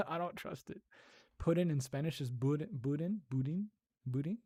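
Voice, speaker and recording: An ASMR livestreamer chatting casually with viewers, soft-spoken, curious and quick to giggle. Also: mid-range voice, animated.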